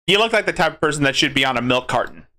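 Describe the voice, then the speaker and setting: A man's voice: on the high side, lively intonation, very fast, bright, forceful tone. A man hosting a live stream commentary, mocking and sarcastic, saying he is losing his voice.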